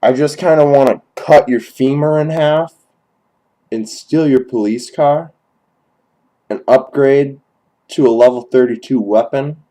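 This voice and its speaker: A young man performing a dry, halting comedy monologue in character, crude and profane, recorded on a cheap webcam. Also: medium pitch, mellow, poor audio. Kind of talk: deadpan rambling character monologue.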